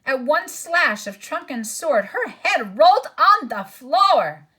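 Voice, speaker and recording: Female reader, storybook narration, fairly high voice, does all the voices. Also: very animated, slow, pushed and bright. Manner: voices each character, aside comments to listener. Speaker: audiobook reader. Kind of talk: storybook read-aloud.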